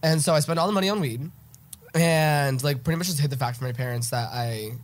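A man's voice: fairly high pitch, brisk. Young male co-host, stuffy nose, casual storyteller, swears freely. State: congested. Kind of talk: casual chat.

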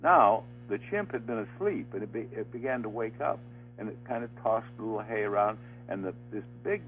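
A man's voice: lowish voice, animated. Older man telling stories over phone. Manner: halting anecdote full of uh fillers, laughing as he tells it. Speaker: interview guest, former game show host. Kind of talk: storytelling in an interview. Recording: tinny phone line with faint music.

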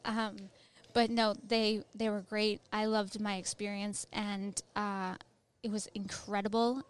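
An Army veteran in her thirties chats casually as an interview guest, peppering her speech with "like" and "um". Her mid-range voice is a bit bright and clean, with fairly even intonation, a measured pace and hardly any pauses.

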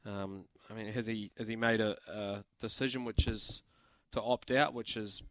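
A man's voice: fairly low pitch, level tone, moderate pace, a bit bright, dry recording. A man with a New Zealand accent co-hosting breakfast radio, talking things through thoughtfully. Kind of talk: casual radio chat. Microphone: studio mic.

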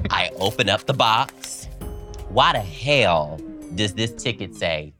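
A man co-hosting a podcast tells a long story, acting out everyone in it. His voice is bright and swings widely in pitch. Faint music sits low in the background. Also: slow pace. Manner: animated, acts out quotes with big pitch jumps. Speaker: podcast co-host. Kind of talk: casual storytelling chat.

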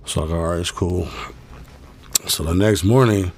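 A man's voice: low voice, normal speed, a little mellow, slight background noise. A man guest telling a long story in a laid-back, profane way, full of fillers. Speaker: interview guest. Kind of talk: casual storytelling.

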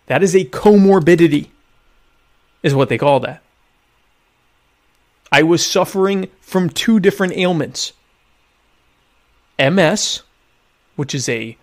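A man hosting a live stream with a voice pitched a touch high. He rambles, cuts himself off mid-sentence and stretches words out in a deadpan, mock-grand way. The talk is loose and chatty, read to viewers' comments. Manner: deadpan, mock-pompous humor; rambling, self-interrupting. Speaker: live show host. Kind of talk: casual live-stream chat.

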